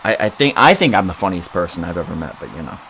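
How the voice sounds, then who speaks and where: A young man hosts a casual livestream, speaking into a boom-arm mic. He talks fast in a sing-song, sharp-toned way, giggling often, rambling, repeating words and poking fun at himself, with a faint hiss or hum in the audio.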